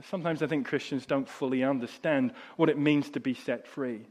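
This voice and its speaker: A middle-aged man preaching a sermon, telling a story that drops soft and low and then rises loud and high. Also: steady tone, brisk, few pauses. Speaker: pastor.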